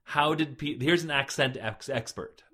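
A man's voice: on the high side, normal speed, bright, forceful tone, breathy edge. A man co-hosting a podcast, chatting casually and rambling with fillers and restarts. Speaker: podcast co-host. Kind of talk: casual chat.

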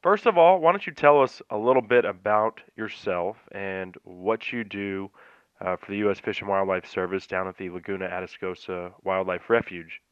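A man's voice: low voice, steady tone, normal speed, clear, resonant tone, dry recording, dull audio. A man with a Texan accent hosting an outdoor radio show, talking in an easygoing, drawling way with plenty of filler words. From Texas. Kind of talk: casual outdoor radio talk.

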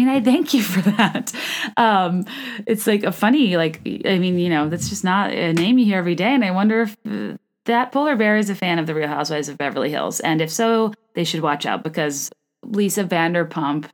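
Rambling, chatty woman with a low voice. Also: lively intonation, moderate pace. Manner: chatty, rambling, self-deprecating humor. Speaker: podcast host. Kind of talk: casual chat.

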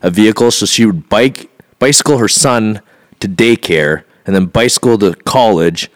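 Male co-host, lively casual storyteller who acts out the quotes and laughs easily. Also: lowish voice, normal speed. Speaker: podcast co-host. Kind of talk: casual chat.

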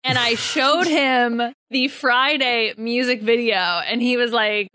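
Lively woman co-host, slightly high voice, laughs through her stories. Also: slow pace, no echo. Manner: animated storyteller, laughs often. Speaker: podcast co-host, graduate student. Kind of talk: casual chat.

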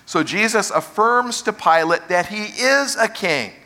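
Pastor, male, preaching a sermon; brightish, somewhat high voice that slows to stress key phrases. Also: expressive.

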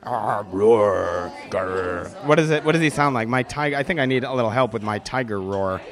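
Talking fast with fairly even intonation, this Milwaukee man has a medium pitch and a fairly bright tone. He's a visitor at an event, casually joking with children into a handheld mic and tripping over his words in a goofy way.

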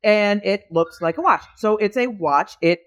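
A woman co-hosting a casual podcast chat, enthusiastic and rambling, quick to agree. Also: medium pitch. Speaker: podcast co-host.

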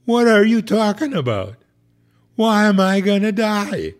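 A man voicing a frightened, sobbing woman patient in a hospital bed, pleading breathlessly in a raised, drawn-out voice. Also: sits high, big pitch swings, voice pushed up.

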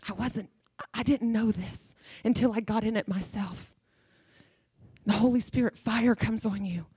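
A woman's voice: fairly high pitch, fairly even intonation, measured pace, warm tone, husky, dry recording, studio quality. A middle-aged woman preaching a sermon with fervor, emphatic and repeating phrases for effect.

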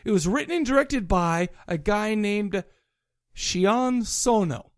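A man's voice: high-pitched, lively intonation, slow pace, dry recording, clean studio sound. A man co-hosting a podcast, chatting casually and jokingly about a movie, rambling and stumbling over names. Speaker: podcast co-host. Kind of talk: casual comedic movie review chat.

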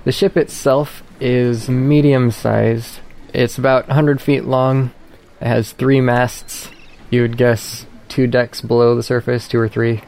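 A man runs a tabletop game as its game master. His voice sits at an ordinary middle pitch, and he describes scenes at a measured, even pace. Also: vocal fry.

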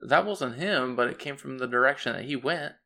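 Man, gravelly voice, hesitant, lots of fillers, tabletop player. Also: medium pitch, a little fast, sharp tone. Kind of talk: casual tabletop play.

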